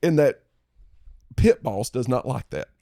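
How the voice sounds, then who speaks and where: Teasing podcast co-host man, lively voice. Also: medium pitch, measured pace, vocal fry, no echo, clean studio sound. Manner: laughing, teasing anecdote telling. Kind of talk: casual chat.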